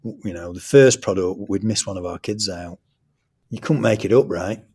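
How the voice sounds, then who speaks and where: A middle-aged man telling a personal story as a podcast guest, earnest and animated. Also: low voice, moderate pace, husky. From England. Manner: earnest, animated anecdote telling with quoted dialogue. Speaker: guest, school trust academic leader.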